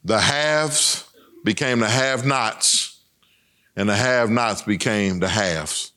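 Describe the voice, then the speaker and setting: A middle-aged man giving a personal testimony speech, telling his story with emphatic swings between raised and lowered lines. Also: fairly bright tone.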